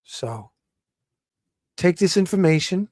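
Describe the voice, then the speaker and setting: A man hosting a live talk show, speaking in a fairly high voice and pressing each point home with animated emphasis. The sound is dry and close, with no room around it. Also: takes it slowly, no echo. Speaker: show host.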